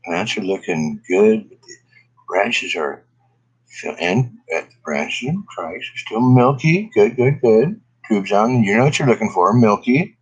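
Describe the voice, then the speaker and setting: A man's voice: on the low side, expressive, measured pace, breathy edge, low-quality recording. A middle-aged man chatting casually on a livestream, rambling and swearing, laughing often and coughing from smoke. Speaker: cannabis vlogger.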